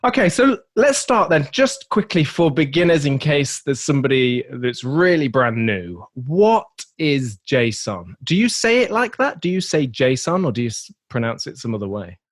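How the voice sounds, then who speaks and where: Man, podcast host, casual chat, animated intonation, laughs a lot. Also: on the high side, moderate pace, few pauses. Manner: playful, self-deprecating, laughs often.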